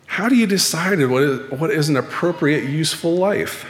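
A man puts on a sharp old professor who corners a student with mock-innocent questions. The voice sits in an echoey hall with a long reverb tail behind it. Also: a little high, expressive, moderate pace, slight background noise, voice pushed up, close to an everyday voice. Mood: needling. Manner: wry, needling questions. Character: sharp older male accounting professor, probing.

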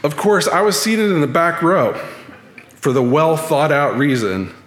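A man giving a sermon-style talk at church, measured and dryly self-deprecating. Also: a little high, animated. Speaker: lay speaker at church. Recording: echoey hall with long reverb.

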